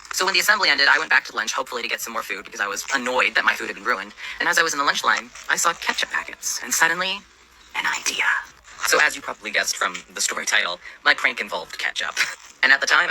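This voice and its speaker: Young man, storyteller, sarcastic and profane, quick delivery, very bright tone. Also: medium pitch, very animated, creaky, slight background noise, low-quality recording. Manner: sarcastic, swears a lot. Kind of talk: casual storytime narration.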